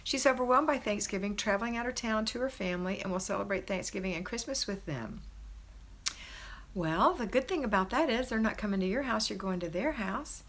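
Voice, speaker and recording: A woman's voice: medium pitch, expressive, a little fast. Encouraging woman hosting a live stream. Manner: warm, encouraging, cheerleading. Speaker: host of a homemaking livestream. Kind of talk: live-stream chat answering viewer comments. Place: her parents' house, indoors.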